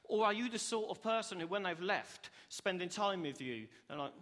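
Upbeat preacher in a reverberant hall. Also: male voice, high-pitched, expressive, normal speed, hardly any pauses, a bit bright. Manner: earnest, upbeat, acts out quoted reactions. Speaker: preacher, cell group leader. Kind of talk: sermon. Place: church hall.

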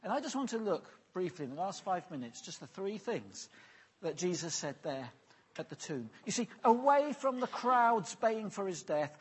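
A man preaching an earnest, pastoral sermon, often letting his phrases fall soft and low at the end. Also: breathy edge. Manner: earnest, pastoral, drops softly at phrase ends.

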